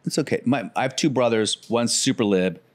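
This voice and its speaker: A man, a comedian, talking casually on a podcast with profane, animated storytelling. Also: medium pitch, fairly quick.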